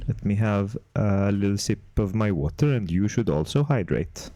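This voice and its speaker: A man streaming casual chat while making game art, reading viewer messages and putting on a deliberately terrible Swedish accent. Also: on the low side, lively intonation, warm tone, dry recording. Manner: chatty, reads out and answers viewer messages.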